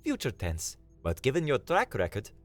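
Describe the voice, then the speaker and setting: A man's voice: medium pitch, huge pitch swings, moderate pace, no echo, soft background music, pitched above the performer's own voice. A man voicing a sarcastic, no-nonsense young woman with a dry, snappy delivery.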